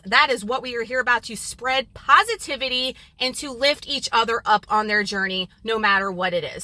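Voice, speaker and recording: A woman's voice: a little high, sharp tone. A woman vlogging casually to camera about fitness and food, chatty and upbeat, often dropping "like" and "y'all". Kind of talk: casual vlog talking to camera.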